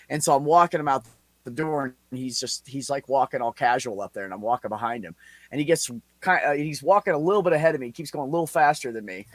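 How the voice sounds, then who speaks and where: A man's voice: mid-range voice, fast talker, no room sound. A man in his forties, a podcast host telling a story in casual, heavily profane chat. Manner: profane, animated anecdote with laughs.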